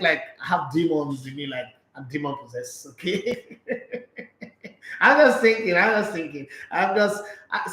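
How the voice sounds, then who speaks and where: High-voiced Nigerian man, playful host. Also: fairly bright tone. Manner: playful, jokey, talkative. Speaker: sports show host. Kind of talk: casual live-stream chat reading viewer comments. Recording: echoey room sound.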